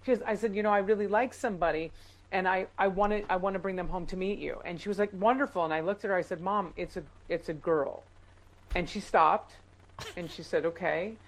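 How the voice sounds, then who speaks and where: A woman comedian chatting as a guest, telling personal stories with brisk, self-deprecating humor. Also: on the low side, poor audio. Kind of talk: casual chat.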